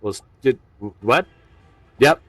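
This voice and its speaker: A man's voice: mid-range voice, expressive, takes it slowly, slightly rough, far from the mic. A man hosting a stand-up comedy show in a virtual reality room, rambling and self-deprecating, with many filler asides.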